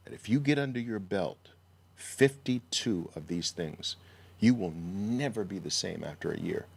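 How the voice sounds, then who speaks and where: Emphatic lower-voiced man pitching trading. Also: animated, unhurried, vocal fry, breathy edge. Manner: mocking rhetorical questions, mimics naive traders. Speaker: trading educator. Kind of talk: emphatic sales pitch to camera.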